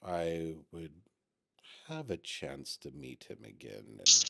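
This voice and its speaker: A man voicing a weary, regretful contact who speaks hesitantly and quietly. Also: low-pitched, very animated, no echo, studio quality, pitched below the performer's own voice, full character voice. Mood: subdued. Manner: hesitant, subdued, halting.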